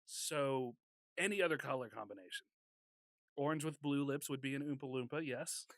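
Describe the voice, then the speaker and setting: A man's voice: mid-range voice, normal speed, dry recording. A man co-hosting a casual podcast chat, joking and laughing often. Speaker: podcast co-host.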